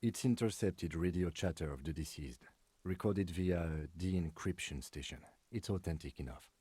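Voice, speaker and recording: An actor voicing a calm, reserved police lieutenant in a video game, clipped and matter-of-fact. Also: male voice, sits low, normal speed, slightly rough, dry recording.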